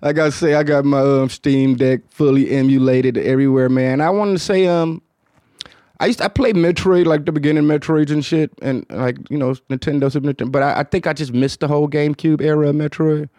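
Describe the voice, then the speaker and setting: A man with a Detroit accent hosting a casual podcast, talking in a low, mumbled, rambling way with lots of fillers and swearing. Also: steady tone, brisk, mellow, no echo. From Detroit, United States. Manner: low-toned, mumbled, hard-to-follow delivery; loose, profane, rambling with many fillers. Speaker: podcast host. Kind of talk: casual chat.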